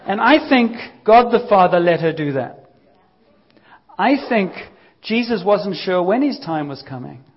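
A man's voice: high-pitched, lively intonation, unhurried, lo-fi sound, a faint crowd. A man preaching a sermon, telling a Bible story in a conversational way and acting out the quotes.

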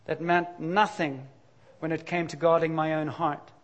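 A middle-aged man delivering a sermon in a frank, confessional tone. His voice sits a little higher than most men's, and he moves between relaxed conversation and sudden emphatic bursts. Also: measured pace, highs cut off. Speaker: pastor.

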